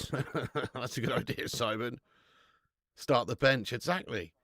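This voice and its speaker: A man's voice: mid-range voice, takes it slowly, a bit bright, dry recording, studio quality. A man hosting a live football watch-along, swearing and laughing as he bants with viewers in the chat.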